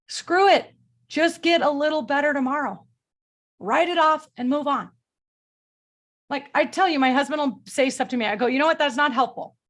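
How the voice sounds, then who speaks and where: A middle-aged woman leading a group coaching call, energetic and blunt, motivational, with casual swearing. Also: high voice. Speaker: sales coach.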